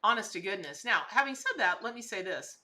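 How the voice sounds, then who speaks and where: Forceful, effusive woman tarot reader. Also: mid-range voice, animated, a little fast. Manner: effusive, emotional, chatty with viewers. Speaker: tarot and spirit animal reader. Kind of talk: live stream reading viewers' questions.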